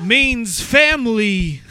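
A woman doing a slow, loud, drawn-out impression of a famous man's voice. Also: on the high side, voice pushed up, full character voice. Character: celebrity impression, slow emphatic man.

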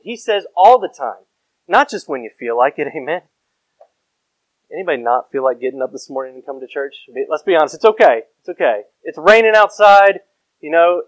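A man's voice: high-pitched, no echo, rough recording. A pastor preaching a sermon to his congregation, emphatic, repeating key phrases and asking the people questions. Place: church sanctuary.

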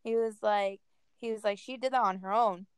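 A woman's voice: medium pitch, steady tone, moderate pace, clean tone, no room sound. A young woman co-hosting a casual chat, talking in a laid-back, wry way with lots of fillers.

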